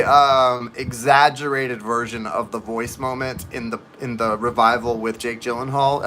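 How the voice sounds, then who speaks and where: A man's voice: mid-range voice, bright, forceful tone, a little hiss or hum. A man giving tarot readings on a live stream, chatting and rambling to viewers in the chat. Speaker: tarot reader.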